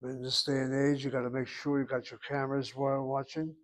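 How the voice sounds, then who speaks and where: A man's voice: medium pitch, little pitch movement, brisk. Man teaching Hebrew grammar step by step. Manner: explains grammar step by step, calls on students by name. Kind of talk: online class instruction.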